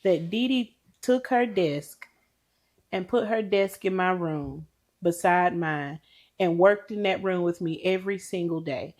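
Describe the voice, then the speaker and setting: A woman's voice: lowish voice, unhurried, darkish tone. Earnest woman telling a tearful story. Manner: earnest, emotional storyteller with faith talk. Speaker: podcast co-host. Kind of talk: heartfelt casual chat.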